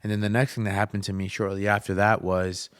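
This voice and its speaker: A young man speaks with earnest emotion as he tells a personal story on an interview podcast. His voice sits a little low, smooth and resonant, and it is recorded dry and close. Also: flat delivery, quick pace, no room sound. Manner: earnest, emotional, faith-filled, speaks of a father's love. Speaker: interview guest. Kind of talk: heartfelt conversational storytelling.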